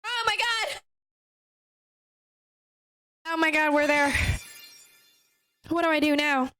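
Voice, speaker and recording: A woman's voice: high voice, animated, slow, bright, forceful tone, soft background music. A young woman streaming from home, flustered and giggly while she fights a bout of hiccups. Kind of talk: casual livestream chat.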